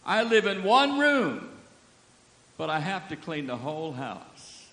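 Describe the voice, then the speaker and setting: A man's voice: fairly high pitch, big pitch swings, slow, fairly bright tone, heavily acted. A man reading the lines of an elderly mother writing to her son, in a plain, complaining way. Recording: echoey hall.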